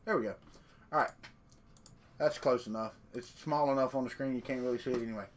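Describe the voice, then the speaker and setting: A man's voice: medium pitch, fast, a little hiss or hum. A man hosting a live stream, chatting casually in a folksy, rambling way. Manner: folksy, rambling, talks off the cuff.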